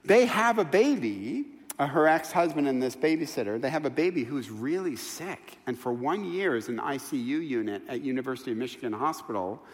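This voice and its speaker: A man preaching a sermon as pastor, telling stories with lively, acted-out quotes. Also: mid-range voice, brisk. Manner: animated storytelling, quoting people in voices. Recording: long hall reverb.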